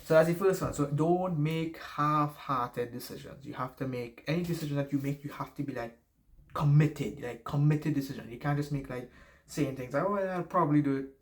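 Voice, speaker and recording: A man with a slightly high voice and a noticeable non-native accent speaks at normal speed. He rambles through casual life advice to camera, often correcting himself and swearing freely.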